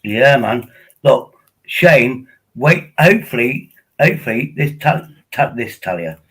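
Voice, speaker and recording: A man's voice: medium pitch, big pitch swings, a little slow, a bit bright, husky, low-quality recording. An older man, chatting casually and rambling on a live stream from home at his laptop.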